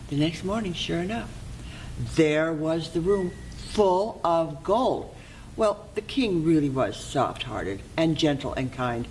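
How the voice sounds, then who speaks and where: A storyteller telling a fairy tale aloud in a lively, expressive way, leaning on repeated phrases and simple rhythm. The voice sits mid-range, with faint room ambience behind. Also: medium pitch, a little hiss or hum, poor audio.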